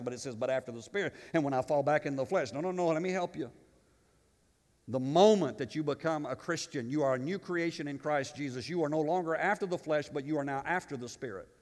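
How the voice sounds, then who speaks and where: A male pastor preaching an impassioned sermon, swinging between loud declarations and quiet, confiding asides. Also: on the high side. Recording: long reverb of a church sanctuary.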